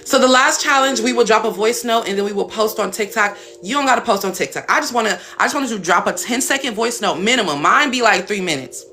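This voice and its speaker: A woman's voice: on the high side, expressive, fast talker, few pauses, pushed and bright, slight background noise. A woman hosting a live stream as a spiritual coach, talking casually and bluntly with some cursing. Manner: blunt, chatty, swears casually.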